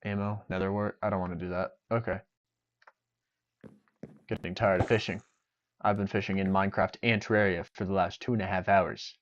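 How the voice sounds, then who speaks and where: Young male streamer, low voice, rambling jokey self-talk, dull lo-fi audio. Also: fairly even intonation, brisk, long pauses. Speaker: game streamer. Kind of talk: casual gameplay streaming. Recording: dull lo-fi sound.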